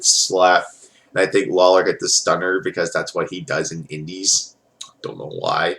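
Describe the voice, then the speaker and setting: A man with a fairly low voice talks through a recap in loose, casual vlog fashion. He rambles and swears freely. His sentences are full of filler words. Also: little pitch movement, normal speed, a bit bright. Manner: rambling, profane, lots of filler. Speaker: wrestling show reviewer.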